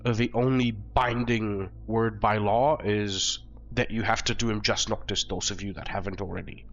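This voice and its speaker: A hoarse man voicing a languid female vampire official who lays out rules in a businesslike way in a tabletop game. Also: lowish voice, steady tone, moderate pace, close to an everyday voice. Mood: instructing. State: hoarse from flu. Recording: dull lo-fi recording, faint music.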